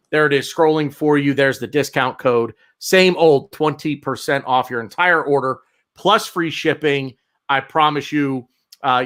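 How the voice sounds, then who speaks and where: A man's voice: mid-range voice, a bit bright. A man hosting a casual football fan podcast, rambling and repeating himself as he reads sponsor plugs. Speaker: podcast host.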